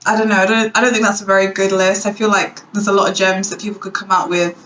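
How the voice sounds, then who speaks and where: A woman's voice: mid-range voice, little pitch movement, fast, a bit bright, slight background noise, low-quality recording. A woman from Britain hosting her own show, chatting on her own in a rambling, wry way with lots of fillers. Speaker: podcast host. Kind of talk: casual solo chat.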